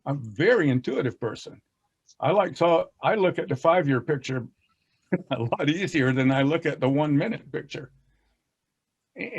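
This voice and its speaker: A man's voice: fairly high pitch, slightly rough, lo-fi sound. A man with a Southern US accent who talks in a folksy, self-deprecating way, laughing often as he leads a casual discussion about teaching reading on a video call. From American South.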